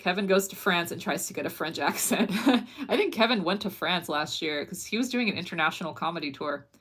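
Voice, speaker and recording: A woman with a slightly lower-than-average voice chatting on a livestream. She is bubbly and giggly, and she reads her viewers' questions aloud before answering them in a relaxed, casual way. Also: brisk, husky. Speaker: animator streaming live and answering chat.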